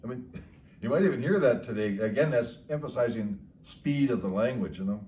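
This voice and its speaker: A man's voice: medium pitch, animated, mellow, a little hiss or hum. A man casually explaining local slang words, chuckling often as he talks. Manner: slow, chuckling, drawn-out storytelling. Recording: echoey room, slightly distant mic.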